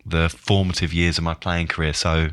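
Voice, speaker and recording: A man's voice: low-pitched, level tone, moderate pace, fairly bright tone. A man, a former footballer, talking about his playing days in casual conversation. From England. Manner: reflective, chatty with restarts. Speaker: podcast co-host, former footballer and coach.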